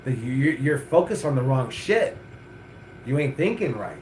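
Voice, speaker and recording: A man's voice: medium pitch, big pitch swings, normal speed, a little mellow, roomy sound, slight background noise. A middle-aged man, a wrestling coach hosting a chat show, talking bluntly and profanely with lots of energy. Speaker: wrestling coach and podcast host. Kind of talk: casual chat.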